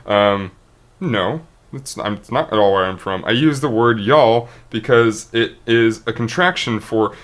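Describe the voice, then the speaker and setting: A man's voice: lowish voice, animated, a little slow. A man, a streamer, talking unscripted to his viewers in a rambling, earnest way, often restarting and tripping over his words. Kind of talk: unscripted monologue to camera.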